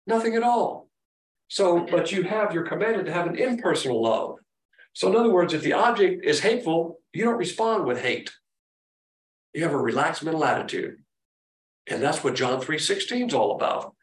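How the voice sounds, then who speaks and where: A man's voice: a little high, lively intonation, moderate pace, distant mic, a little hiss or hum. Emphatic preacher man in an echoey hall. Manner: emphatic, teacherly, shifts pace often. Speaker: pastor. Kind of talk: sermon.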